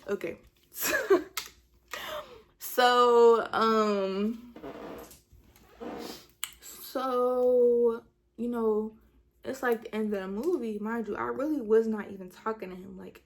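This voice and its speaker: Woman vlogger, casual storytime, slangy and filler-heavy, animated delivery. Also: mid-range voice.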